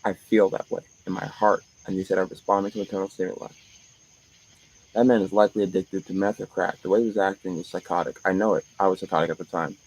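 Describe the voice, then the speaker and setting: A man's voice: low voice, fairly even intonation, fast, darkish tone, husky, poor audio. A man streaming live, talking in a profane monologue that jumps from one topic to the next.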